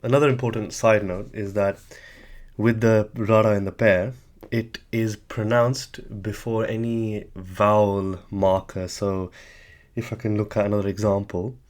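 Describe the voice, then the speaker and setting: Male language tutor, lowish voice, patient step-by-step explaining with self-corrections. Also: flat delivery, a little slow, a little mellow. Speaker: language teacher.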